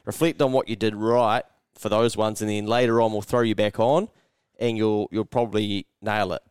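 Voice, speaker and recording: A man's voice: lowish voice, steady tone, moderate pace, darkish tone, clean tone, no echo, studio quality. A young man with a New Zealand accent, co-hosting a podcast and telling a story in casual chat, swearing often and acting out his own thoughts. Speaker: podcast co-host.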